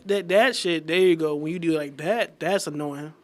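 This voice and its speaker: A man's voice: sits high, moderate pace. A young man co-hosting a casual podcast, teasing and blunt with a slangy way of talking. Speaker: podcast co-host. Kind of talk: casual chat.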